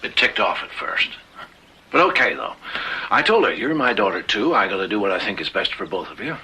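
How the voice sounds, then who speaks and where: A man's voice: lowish voice, very animated, brisk, full character voice, poor audio. An actor playing an older father with a dry, folksy manner in a 1980s TV movie. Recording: loud hiss over old TV film audio.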